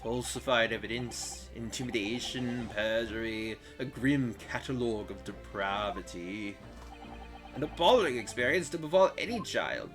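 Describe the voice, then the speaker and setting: A man's voice: mid-range voice, moderate pace, music in the background, natural voice. A man voicing a pompous, stern older British judge in a game playthrough, with formal, grandiloquent courtroom speech. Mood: solemn. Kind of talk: video game voice-over playthrough.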